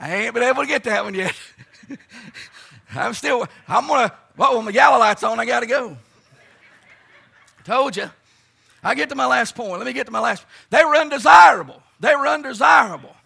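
A man with a high, gravelly voice shouts a revival sermon at a camp meeting service. His fervent, folksy storytelling is full of "uh" and "let me tell you something."

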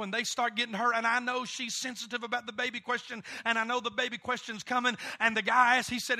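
A man preaching a sermon through an animated personal story, with many "uh" fillers. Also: very high voice, fast, hardly any pauses.

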